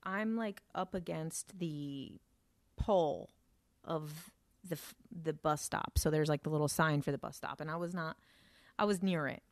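A woman's voice: low-pitched, unhurried, no room sound. A woman telling a personal story in a casual way, with many fillers and some swearing. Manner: filler-heavy, swears, vivid retelling. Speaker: storyteller recounting an encounter.

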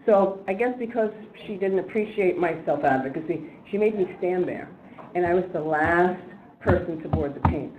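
A woman giving a storytelling talk at a training event, animated and laughing as she acts out other people's lines. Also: lowish voice, moderate pace, narrow, tinny audio, a little hiss or hum. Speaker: speaker at a disability training. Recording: echoey room with faint ambience.

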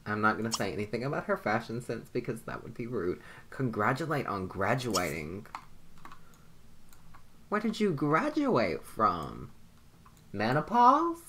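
A woman's voice: very deep voice, sing-song, normal speed, background noise. A young adult woman giving casual commentary on her life-simulation game, chatty and laughing often, swearing freely. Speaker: gameplay commentator. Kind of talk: casual let's-play commentary. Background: loud game music.

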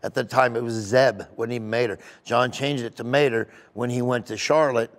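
A man's voice: medium pitch, steady tone, a little fast. A middle-aged man, a comedian, telling stories in an interview in an emotional, rambling way with many restarts. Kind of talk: sit-down interview storytelling. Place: golf tournament venue.

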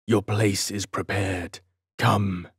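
A man's voice: fairly low pitch, level tone, slow pace, slightly rough, dry recording, clean studio sound, full character voice. A man voicing a fierce young swordsman in disguise, speaking in a hollow, menacing tone. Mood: sepulchral. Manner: sepulchral, menacing.

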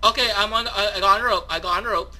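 A young man doing a deliberately over-the-top gaming YouTuber act. His voice sits high and sounds piercingly bright. He fires off the same phrases again and again. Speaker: YouTuber playing a game with his nephew. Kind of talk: spoof of hyper gaming YouTubers.

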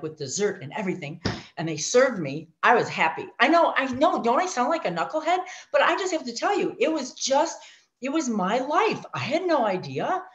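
A middle-aged woman sharing her life story, animated, acting out voices and speaking asides to her listeners. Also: fairly low pitch. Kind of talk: personal testimony talk. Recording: dull lo-fi audio.

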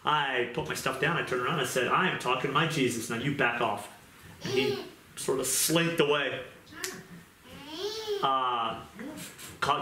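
Earnest man preaching in an echoey room. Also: mid-range voice. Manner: earnest storytelling, emphatic repetition. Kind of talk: testimony sermon. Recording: echoey room with loud noise.

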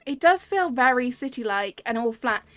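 A woman's voice: on the high side, animated, normal speed, a bit bright. A woman live-streaming a game tour, chatting cheerfully and greeting her chat by name. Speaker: streamer touring game islands. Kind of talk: casual live-stream commentary. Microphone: webcam with desk mic. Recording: dry close mic, game music behind.

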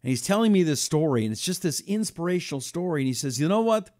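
A man's voice: on the high side, fast, no echo, clean studio sound. A man hosting a talk radio show, telling stories and acting out quotes. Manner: animated storytelling, acting out quotes.

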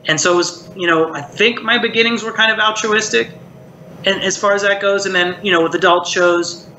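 A man's voice: sits high, steady tone, a little fast, sharp tone. A middle-aged puppeteer from Maryland, chatting reflectively in an interview and filling his talk with "like" and "you know". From Maryland, United States. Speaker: puppeteer and voice actor, guest. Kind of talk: casual interview chat. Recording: roomy echo, faint hiss.

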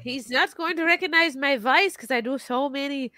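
A woman's voice: high-pitched, moderate pace, pushed and bright, dry recording. A woman co-hosting a podcast, chatting in a playful, teasing way. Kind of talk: casual chat.

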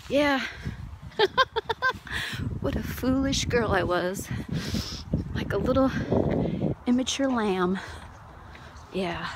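A woman with a fairly high voice gives an emotional personal testimony at an unhurried pace. She often breaks into soft laughter and drops into whispers. The recording has a noisy background ambience. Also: expressive. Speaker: Christian testimony speaker.

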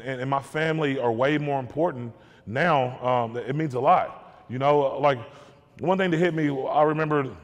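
A man giving a candid personal testimony to an audience, earnest and repeating words as he searches for them. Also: medium pitch. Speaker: guest speaker. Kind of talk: testimony talk. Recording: long hall reverb.

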